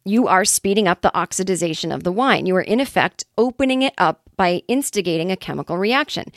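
A woman's voice: medium pitch, expressive, brisk, no echo, clean studio sound. A woman hosting a comedy podcast, reading news items and breaking off into wry, sarcastic asides. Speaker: podcast host. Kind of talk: casual comedic news chat.

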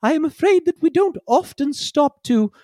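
Game master doing a prim, hesitant robot scientist, voice lifted higher, dry close sound. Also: expressive, normal speed, warm tone, no room sound. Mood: formal. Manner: hesitant, formal and apologetic. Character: polite, earnest spider-legged research robot.

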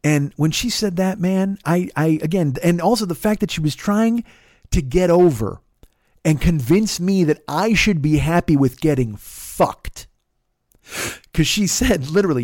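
A man's voice: a little high, lively intonation, unhurried, a little mellow, dry recording. A man in his fifties, a podcast host telling a story in a blunt, profane, self-critical way. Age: 50s. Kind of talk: storytelling monologue.

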